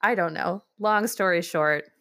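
Woman, young, podcast co-host, casual storytelling, animated, laughs a lot, lowish voice. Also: measured pace. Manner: animated, laughs often, jumps into high quoted voices.

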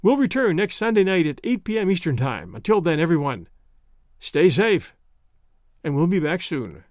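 A man hosting an audio story show and narrating it in a steady, measured way. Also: a little high. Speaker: audio story host and reader. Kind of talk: scripted narration.

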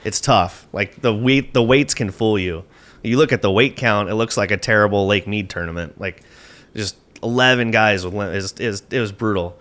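Speaking at a moderate pace in a lowish voice, a male podcast guest excitably recounts a tournament fishing story. He says "like" often and swears casually throughout.

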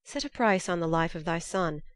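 A woman's voice: fairly low pitch, lively intonation, moderate pace, no room sound, studio quality, lightly acted. A woman voicing a grave, commanding old king of the gods, speaking in solemn, archaic phrasing. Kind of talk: storybook reading.

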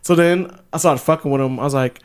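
A man's voice: medium pitch, rapid-fire, clear, resonant tone. Chatty man laughing through anecdotes. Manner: animated anecdotes, slangy, laughs a lot. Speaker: podcast co-host. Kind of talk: casual chat.

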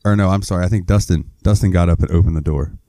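A laid-back man with a very low, very dark voice, chatting on a podcast. He tells a rambling story in a relaxed way, and his voice sounds dry and close. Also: quick pace, dry recording. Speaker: podcast co-host. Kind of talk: casual chat.

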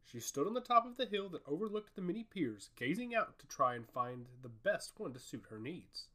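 Expressive man narrating a fantasy story. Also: a little high, normal speed.

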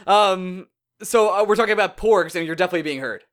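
A man co-hosting a casual podcast chat, excitable and animated as he tells stories. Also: high voice, fast, smooth. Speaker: podcast co-host.

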